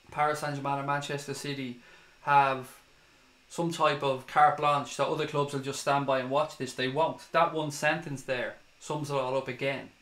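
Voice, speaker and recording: A man's voice: mid-range voice, a bit bright, reverberant. A man with an Irish accent hosting a fan livestream, ranting and swearing as he reads out viewer comments. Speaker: fan channel livestream host.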